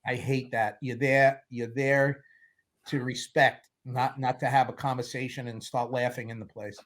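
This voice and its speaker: A man in his sixties chats as an interview guest, mid-pitched and unhurried. He rambles candidly from one story to the next and slips wry humor into them. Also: level tone, a bit bright. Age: 60s. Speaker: guest film producer. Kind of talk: casual interview chat.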